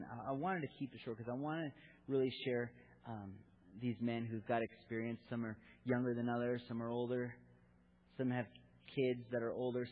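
A man in his thirties giving an earnest, candid sermon to fathers, telling stories from his own family. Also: mid-range voice. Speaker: preacher at a church gathering for fathers. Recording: tinny phone-like lo-fi recording.

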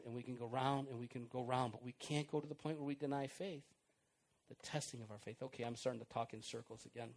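A middle-aged man preaching an informal sermon, acting out prayers and conversations in an animated way. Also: on the high side.

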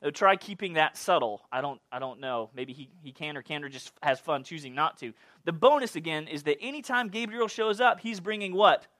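A man preaching a sermon in a playful, animated way, full of jokes and asides. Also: on the high side, a little fast, few pauses. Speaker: pastor.

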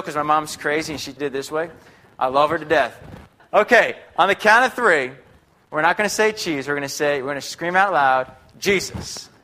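A man's voice: a little high, pushed and bright, a little hiss or hum. A young man preaching a sermon in a chatty, upbeat, conversational way, often checking in with the congregation. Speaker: guest preacher.

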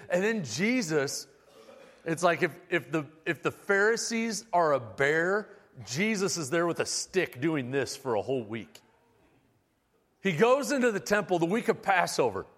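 Animated preacher man in a reverberant hall. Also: sits high, normal speed. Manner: casual storytelling, animated and humorous. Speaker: pastor. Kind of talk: sermon.

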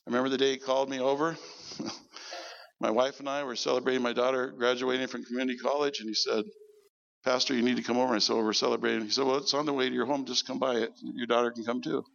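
A man preaching as pastor, telling stories in an animated sermon and quoting people in a lower voice. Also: fast talker, vocal fry, in a large hall, lo-fi sound. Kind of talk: sermon storytelling. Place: church service.

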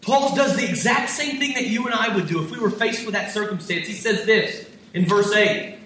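A man's voice: sits high, normal speed, a bit bright, slight background noise. An American man preaching a sermon, impassioned, acting out prayers and God's reply. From United States. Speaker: pastor. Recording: echoey hall, mic from a distance.

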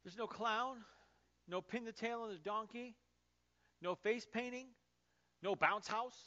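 A man in his thirties preaching a sermon as a pastor, telling stories in an animated, conversational way with fillers. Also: high-pitched, a little slow, muffled recording.

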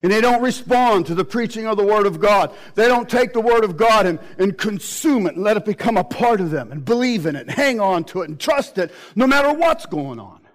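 A man preaching a sermon with animated delivery, acting out the voices he quotes. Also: high voice, fairly quick, few pauses, rough recording.

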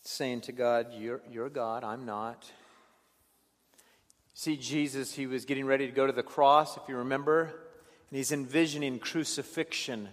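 A man preaching a sermon as a pastor, in an earnest way, often stumbling over repeated words and moving between hushed passages and raised ones. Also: mid-range voice, steady tone, moderate pace, big-room sound. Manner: earnest, stammering restarts, swings between hushed and raised delivery.

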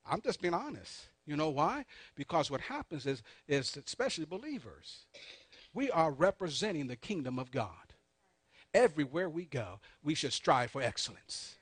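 A man preaching a sermon, calling on the congregation to answer back, swinging between soft asides and loud emphatic peaks. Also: a little high, sing-song, moderate pace, breathy edge, no room sound. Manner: call-and-response preaching, urging the congregation. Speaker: pastor.

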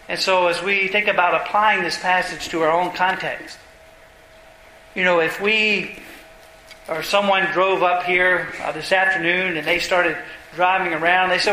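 A man, a pastor, preaching a sermon to his congregation, earnest and slowing down low for emphasis. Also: pushed and bright, a little hiss or hum. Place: church sanctuary. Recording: echoey church room, faint ambience.

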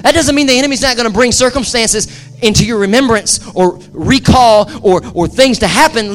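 A male pastor with a notably high voice delivers a passionate sermon to his congregation. He repeats phrases for emphasis and swings between forceful cries and quiet, intimate asides. Soft music plays faintly beneath him. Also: normal speed. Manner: impassioned, swings from loud to hushed, repeats phrases. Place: church service with live audience.

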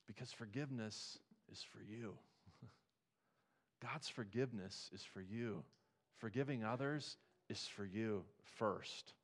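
A male pastor delivering a sermon from the pulpit. He talks in a conversational, questioning way, often pitching up and getting louder when he presses a point. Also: takes it slowly. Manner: conversational preaching with rhetorical questions and rising emphasis.

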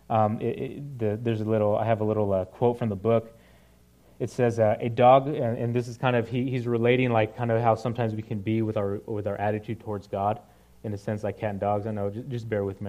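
A man's voice: fairly low pitch, mellow, dull audio. A young man giving a casual, conversational sermon, with many fillers and frequent "right?" asides to the listeners. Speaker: preacher.

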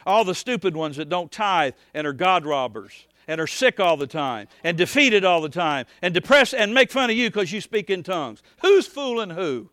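Male pastor, high bright tone, dry close sound, folksy rambling sermon. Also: sing-song, moderate pace, hardly any pauses, dry recording. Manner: folksy, rambling, swings from soft to shouting.

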